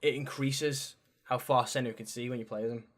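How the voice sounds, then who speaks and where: Young man, podcast co-host, casual gaming chat, rambling, mid-pitched voice. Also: steady tone, fairly quick. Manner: rambling, casual swearing, frequent restarts. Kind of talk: casual chat about video games.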